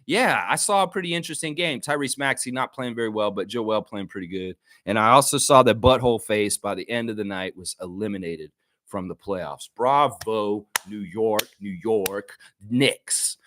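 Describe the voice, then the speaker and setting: A man's voice: on the low side, a little fast, a bit bright, dry recording. A man hosting a live basketball fan stream, ranting in a mocking, profane way and reading chat comments aloud. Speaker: host of a fan livestream. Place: friend's home.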